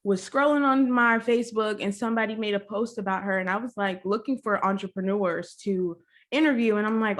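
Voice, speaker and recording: A young woman hosting a casual podcast interview, bubbly, chatty and openly nervous and excited. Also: on the high side, fairly quick. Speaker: podcast host.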